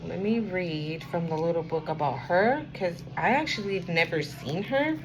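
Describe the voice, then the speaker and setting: A woman giving a casual spiritual card reading to camera, rambling and encouraging the viewer, sometimes dropping to a quieter murmur. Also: on the low side, lively intonation, normal speed, noisy background. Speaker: tarot and oracle card reader.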